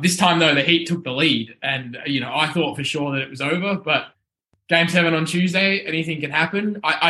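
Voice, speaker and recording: A man on a casual sports podcast, hoarse from shouting and still running on adrenaline, rambling with restarts. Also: a little high. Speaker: podcast panelist.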